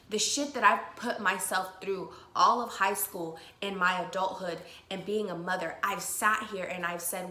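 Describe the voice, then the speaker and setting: Candid young woman, bright echoey voice. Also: medium pitch, fairly even intonation, moderate pace, few pauses. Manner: candid, emotional, swears freely. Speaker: podcast host. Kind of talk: personal storytelling to listeners. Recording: echoey room with faint noise.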